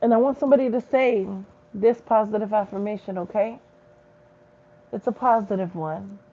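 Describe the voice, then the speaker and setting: Over narrow, tinny audio, a woman with a medium-pitched voice speaks at a moderate pace. As a spiritual reader on her vlog, she preaches bluntly, cursing plenty and using street slang.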